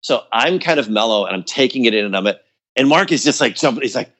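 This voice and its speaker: A man telling a story about his old band in casual chat, acting out quotes in a higher voice, with lots of fillers. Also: lively intonation, fast, a bit bright. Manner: loose and chatty, many fillers like "like" and "you know". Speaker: guest musician.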